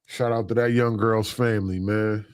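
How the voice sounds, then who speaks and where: Male streamer; low, dry voice; chats laid-back with viewers, teasing and laughing. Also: level tone, moderate pace, a little mellow, clear, resonant tone, no echo. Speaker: livestream host. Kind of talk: casual livestream chat, reading comments aloud.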